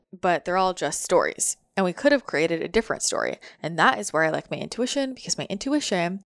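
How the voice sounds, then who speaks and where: A woman's voice: medium pitch, no echo, studio quality. A woman giving a casual, reflective motivational monologue, full of fillers like "like" and repeated phrases.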